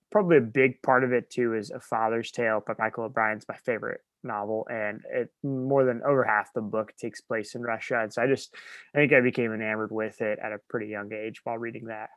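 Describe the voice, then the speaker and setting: A man's voice: mid-range voice, dry recording. Rambling man chatting on a podcast. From Nebraska, USA. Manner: rambling, self-correcting, quick to laugh. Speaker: podcast co-host. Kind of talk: casual chat.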